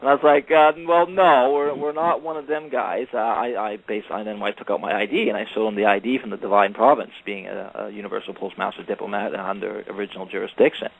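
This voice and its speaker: A man's voice: on the low side, steady tone, fast talker, vocal fry, few pauses, breathy edge. Male guest, rambling storyteller with lots of fillers, heard over a tinny phone line. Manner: rambling storyteller, many fillers, acts out quoted voices. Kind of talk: casual chat.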